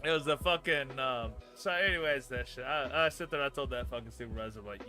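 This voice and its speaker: A man in his thirties telling a long work story on a stream, profane and rambling, growing loud and heated as he goes. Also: medium pitch, brisk, hardly any pauses, faint music behind. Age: 30s. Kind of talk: casual storytelling chat.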